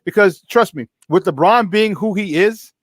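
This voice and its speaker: A man's voice: high-pitched, moderate pace, no echo. A man co-hosting sports talk radio, mocking and emphatic in his remarks.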